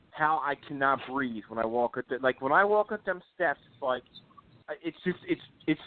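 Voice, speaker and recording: Chatty man on a tinny phone line. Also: fairly high pitch. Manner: rambling, many fillers and restarts. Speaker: radio show guest. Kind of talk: casual sports chat.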